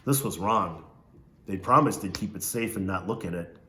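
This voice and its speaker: A man reads a novel aloud in a low-pitched voice. He narrates steadily and stops to ask his listeners questions along the way. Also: normal speed, bright, forceful tone, echoey room. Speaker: reader.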